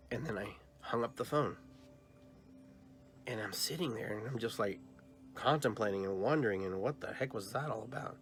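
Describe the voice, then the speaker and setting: A man hosting a podcast, telling a personal dream story and acting out both sides of the conversations. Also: medium pitch. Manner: animated retelling, acts out both sides of dialogues; long trailing phrases with filler and restarts. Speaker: podcast host.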